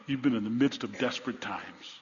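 A man's voice: medium pitch, a little fast, a little hiss or hum. A man preaching a sermon as pastor. He talks earnestly, repeats his words and asks his listeners questions. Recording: echoey hall, dull lo-fi sound.

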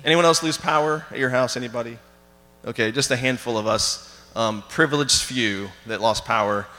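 A man's voice: mid-range voice, moderate pace, sharp tone. A man preaching a sermon in a church, talking conversationally with fillers and questions to the congregation. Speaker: pastor. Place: church sanctuary. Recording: long hall reverb.

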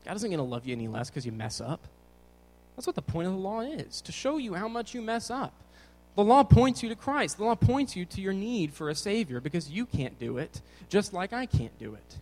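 A man's voice: high voice, a little fast, rough recording. A young man giving a casual, jokey sermon to teenagers as a youth pastor, talking with energy. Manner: energetic, jokey, bouncing around.

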